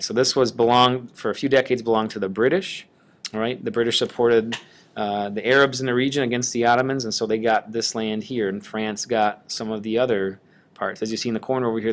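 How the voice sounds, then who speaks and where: A male teacher narrates a screencast lesson over a map. His voice sits low and stays level, with little rise or fall. He talks casually and points to places as he goes. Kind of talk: classroom screencast lecture.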